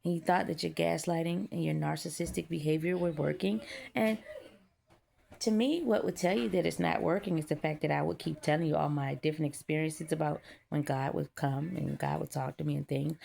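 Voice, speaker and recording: A woman with a lowish, heavily gravelly voice full of vocal fry. She rants with defiance and profanity, stacking up emphatic declarations in a spiritual monologue. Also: a little mellow, slight background noise. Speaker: vlogger.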